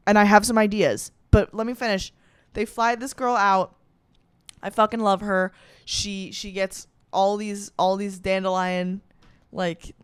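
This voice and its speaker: A young woman with a Western New York accent, a comedian hosting a podcast, talks in a casual, animated monologue, gushing and swearing and saying "like" a lot. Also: mid-range voice, smooth, dry recording. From Rochester, New York. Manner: animated, profane, gushing, heavy use of "like".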